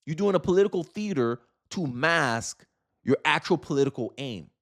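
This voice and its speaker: A man's voice: fairly high pitch, animated, moderate pace, a bit bright. A man from Florida hosting a political commentary video, ranting heatedly and emphatically in casual slang.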